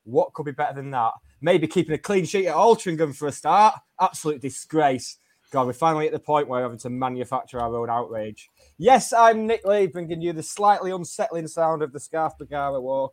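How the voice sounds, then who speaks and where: A man's voice: a little high, brisk. A man co-hosting a casual fan podcast, wry and joking. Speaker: co-host.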